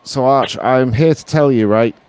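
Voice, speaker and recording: A man's voice: medium pitch, normal speed, darkish tone, clean tone, no room sound. A man in casual chat as a guest, earnestly giving advice with a teasing edge.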